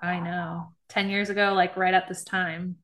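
A woman's voice: on the low side, little pitch movement, measured pace, fairly bright tone. A woman in her thirties from Virginia, hosting a podcast in casual chat, laughing often and acting out what other people said. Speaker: podcast host.

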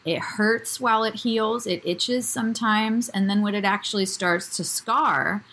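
Woman mid-pitched, casual chat, lays it out step by step, supportive. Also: unhurried, a bit bright. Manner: supportive and explanatory, builds points step by step.

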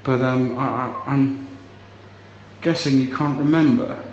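A man leaving a halting, stammering voicemail for a friend in a comic sketch. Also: medium pitch, steady tone, a little hiss or hum. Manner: halting, stammering, grows exasperated and shouting. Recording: roomy, dull recording with faint ambience.

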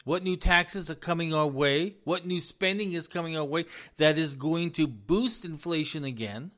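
A man's voice: on the high side, moderate pace, fairly bright tone. Folksy American man, heated commentary. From US East Coast. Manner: folksy, then heated and insistent. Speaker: business administrator, commentary host. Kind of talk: opinionated commentary.

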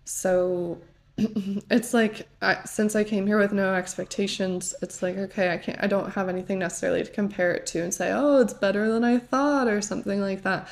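A woman's voice: mid-range voice, level tone, moderate pace. A young woman from the United States, a guest on a podcast, chatting casually with lots of "like" and self-corrections. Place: pub.

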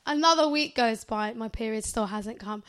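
A woman, co-hosting a podcast and telling an animated story, laughing often. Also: a little high, moderate pace. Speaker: podcast co-host. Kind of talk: casual chat.

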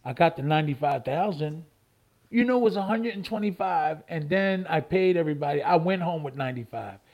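Older man, higher-pitched and animated. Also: brisk. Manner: vivid retelling, repeats phrases, acts out old phone calls. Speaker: guest, former boxing champion. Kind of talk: animated storytelling interview.

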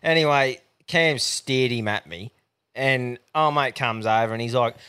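An Australian man co-hosting a podcast, recounting a night out with loud laughter and free swearing. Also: mid-range voice, unhurried, smooth. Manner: swears freely, laughs loudly. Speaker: podcast co-host. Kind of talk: casual crude storytelling.

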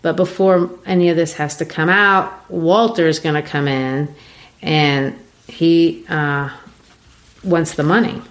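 A woman with a slightly low voice walks through a stage play in a lesson. She explains at an easy conversational pace, pausing on fillers as she thinks. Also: steady tone. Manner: thoughtful, explaining with many fillers. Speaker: literature teacher. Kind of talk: discussing and reading a play aloud.

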